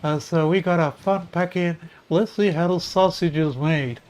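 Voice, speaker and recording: A man's voice: on the high side, normal speed, a little mellow, lightly acted. A man putting on a pinched nasal YouTube host. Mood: mock-earnest. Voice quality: nasal, pinched from a held nose. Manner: mock-earnest sign-off patter. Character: nasal-voiced male YouTube host greeting viewers.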